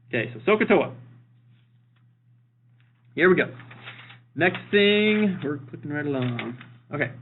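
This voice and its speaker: A male math teacher talks through a recorded lesson with an upbeat, joking manner, going over each point more than once. His voice has a gravelly, fry-edged texture. The sound is thin and boxy, like a phone line. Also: fairly high pitch. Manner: upbeat and jokey, repeats key points.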